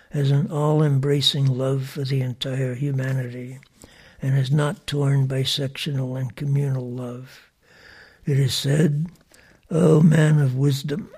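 Male spiritual speaker, slow, flat, husky-voiced reader of a discourse. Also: mid-range voice. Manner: slow, solemn, even storytelling. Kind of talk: reading a devotional discourse.

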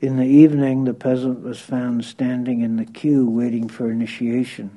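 A man reading a devotional story aloud in a measured, steady way. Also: mid-range voice. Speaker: reader.

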